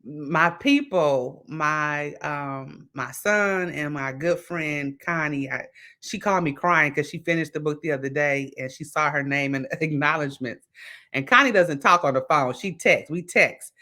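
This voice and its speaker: A woman author, chatting casually and telling stories with lively acted-out quotes. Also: deep voice, a little slow. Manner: animated storytelling with voiced quotes. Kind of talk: casual panel chat.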